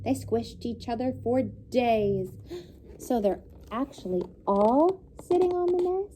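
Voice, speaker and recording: A woman teacher reading a picture book aloud to young students, pausing to comment and explain. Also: fairly high pitch, animated, warm tone, slight background noise. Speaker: elementary school teacher. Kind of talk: children's read-aloud.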